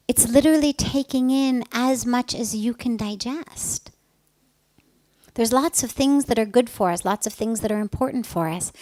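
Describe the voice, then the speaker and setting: Her voice a little high, a middle-aged woman and spiritual teacher recounts a personal story with earnest emphasis, often easing into a breathy hush. There's no echo.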